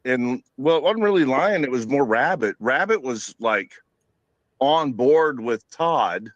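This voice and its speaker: A man's voice: mid-range voice, animated, unhurried, dry recording, dull audio. A man telling his side of a story in a casual conversation, meandering and leaning on fillers. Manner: loose, meandering explanation with fillers.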